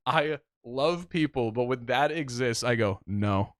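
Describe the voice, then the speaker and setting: A young man co-hosting a podcast, telling a story in casual chat and acting out the quotes with big jumps in pitch. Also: unhurried, no room sound, studio quality. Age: young adult. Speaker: podcast co-host.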